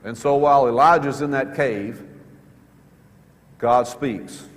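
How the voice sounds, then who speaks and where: A man's voice: medium pitch, takes it slowly, pauses often. Man preaching a sermon in a reverberant hall. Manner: earnest, repeats key questions for emphasis. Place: church sanctuary.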